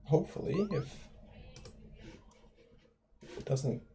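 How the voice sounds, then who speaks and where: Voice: slow pace, noisy background. A game developer on a casual stream, thinking aloud while working at the computer. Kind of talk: casual dev stream chat. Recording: clear background music.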